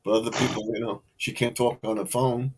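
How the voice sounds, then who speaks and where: Middle-aged male stream host, rambling casual chat, mid pitch. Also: level tone, a little fast, slightly rough. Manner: rambling, loud when quoting others.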